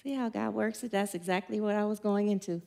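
A woman's voice: medium pitch, fairly even intonation, a little fast, gravelly. A middle-aged woman giving an informal sermon, chatty and playful, telling stories and putting questions to the congregation. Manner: warm, chatty, playful storytelling with audience questions. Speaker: speaker at a church gathering.

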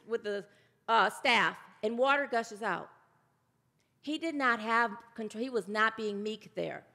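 A woman's voice: a little high, expressive, slow, pushed and bright. A woman preaching a sermon with emphatic delivery, sometimes calling on listeners to say words aloud. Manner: emphatic, calls for congregation response. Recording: long hall reverb.

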